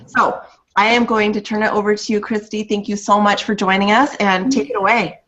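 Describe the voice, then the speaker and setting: A woman's voice: mid-range voice, fairly even intonation, a little fast, a bit bright, muffled recording. A woman hosting a video call, introducing a guest speaker with enthusiasm and reading off her achievements with small restarts.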